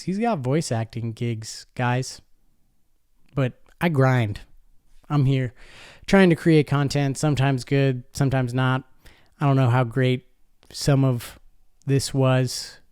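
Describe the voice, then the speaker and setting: A man's voice: medium pitch, slow, long pauses, darkish tone, clear, resonant tone, no echo, studio quality. A man hosting a fan podcast alone, talking casually and rambling, calling his listeners folks. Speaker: podcast host. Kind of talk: casual solo podcast talk.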